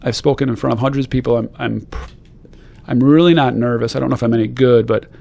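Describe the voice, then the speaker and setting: Gravelly earnest man, rambling chat. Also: mid-range voice, steady tone, quick pace, warm tone. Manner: rambling, earnest, with frequent fillers and restarts. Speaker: podcast host being interviewed. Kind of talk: casual conversational interview.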